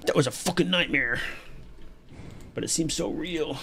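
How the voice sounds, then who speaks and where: An Australian man commentating on a horror game as he streams it. His voice sits a little high and moves a lot, chatty and reactive, often asking questions out loud. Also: animated, a little slow, pauses often, slight background noise. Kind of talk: live gameplay commentary.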